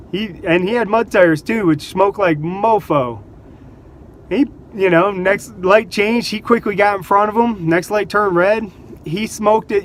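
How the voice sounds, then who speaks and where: A vlogger with a fairly high voice tells casual stories to the camera, animated and laughing between anecdotes as he acts out quotes in voices. A faint hum of outdoor traffic sits behind him.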